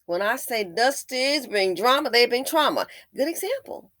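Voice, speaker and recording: Host of a commentary vlog: a woman with a bright, dry voice, sarcastic and emphatic. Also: lively intonation, moderate pace, dry recording. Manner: sarcastic and emphatic, with repeated jabs; shifts between loud stresses and low muttering. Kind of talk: opinion commentary.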